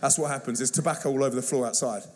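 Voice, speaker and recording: A man preaching an energetic sermon to a church, telling stories in a punchy, slangy, excitable way. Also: mid-range voice, racing. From United Kingdom. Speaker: guest youth evangelist. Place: church service.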